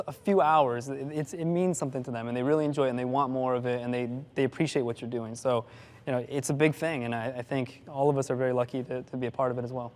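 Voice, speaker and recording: A man speaking as a game developer on a live panel, telling an animated anecdote and laughing often. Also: medium pitch. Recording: long hall reverb from a live panel.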